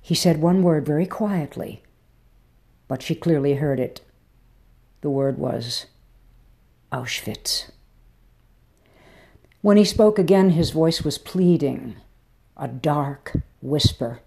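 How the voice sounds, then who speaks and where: A woman narrates a short story in a low, dark voice. Her reading is slow, measured and somber, and she never hurries a line. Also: creaky. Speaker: reader. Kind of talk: audiobook narration.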